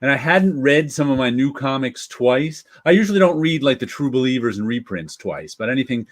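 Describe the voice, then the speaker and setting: Lively man chatting about comics. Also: medium pitch. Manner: lively, laughs often, quick restarts. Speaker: podcast co-host. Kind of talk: casual chat.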